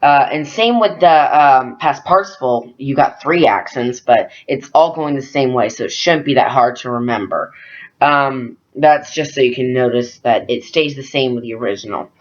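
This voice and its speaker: A young man tutoring French verbs in a loose, chatty way, filling pauses with ums and uhs. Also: medium pitch. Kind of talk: casual screen-recorded lesson. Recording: dull lo-fi screen recording.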